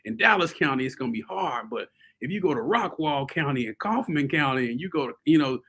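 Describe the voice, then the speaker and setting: Animated man telling a story, lively pitch. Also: a little fast. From US South. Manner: animated, laughing often, addresses audience as y'all. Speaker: host. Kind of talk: casual storytelling to viewers.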